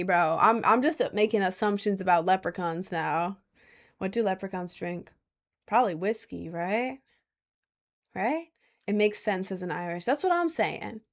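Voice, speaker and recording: Young woman streamer, casual and slangy, mid-pitched voice, chatting from a chair at home. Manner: chatty, slangy, answers chat with "bro". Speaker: livestreamer reading chat. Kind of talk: casual livestream chat. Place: indoors at home, seated in a chair.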